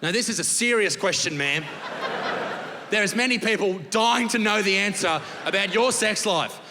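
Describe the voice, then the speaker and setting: A man's voice: high-pitched, normal speed. Brash Australian man doing stand-up. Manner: crude, profane storytelling with shouted punchlines. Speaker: stand-up comedian. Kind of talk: stand-up comedy. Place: large theatre stage with audience laughter. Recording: live show with long hall reverb and background noise.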